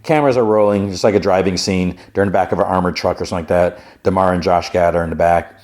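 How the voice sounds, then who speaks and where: Deep-voiced man casually recapping a show. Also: steady tone, quick pace, a little mellow. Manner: slips into raised-pitch voices for quoted characters; loose, rambling, restarts often. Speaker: podcast host recapping a TV episode. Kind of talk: casual recap with acted quotes.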